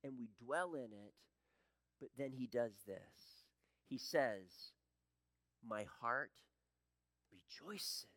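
A man in his sixties preaching a sermon as pastor, swinging between loud emphatic peaks and hushed low passages. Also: no echo, studio quality. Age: 60s.

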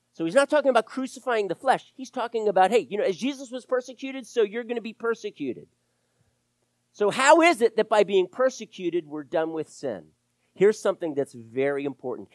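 A man preaching a sermon to his church, animated, with sharp rises and drops in loudness. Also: on the high side, dry recording. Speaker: pastor.

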